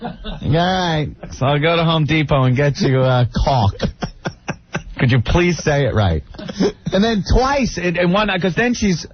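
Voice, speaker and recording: A man's voice: fairly high pitch, expressive, unhurried, slight background noise. A man co-hosting a radio show, telling comic stories in an exasperated, laughing way. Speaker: radio co-host. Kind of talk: radio banter, comic storytelling. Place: radio studio. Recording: slightly muffled radio broadcast recording.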